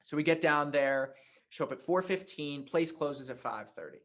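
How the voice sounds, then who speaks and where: A man teaching a writing workshop, telling a personal anecdote in a conversational, animated way. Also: fairly high pitch, normal speed. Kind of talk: workshop talk with storytelling.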